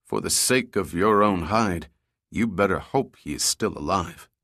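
A man reading an audiobook voices a stern male security guard who speaks in a flat, merciless monotone. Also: deep voice, a little slow, no echo, clean studio sound, exaggerated voice.

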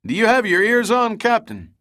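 A man's voice: sits high, big pitch swings, normal speed, pushed and bright, dry recording, studio quality, pitched above the performer's own voice, full character voice. A man voicing a wry, joking man aboard a survey boat.

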